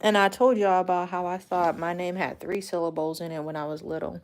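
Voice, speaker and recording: A woman's voice: fairly low pitch, fairly even intonation, a little fast. A woman hosting a casual livestream chat from a dim room at home, talking frankly in a rambling way and swearing casually. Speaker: livestream host.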